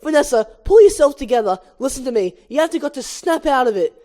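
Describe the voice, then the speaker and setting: A woman's voice: sits high, lively intonation, fast, mellow, voice pushed up. An earnest young male bee, urgent and pushy as he talks someone through flying a plane, voiced by a woman reading a script. He presses hard with bossy, eager encouragement.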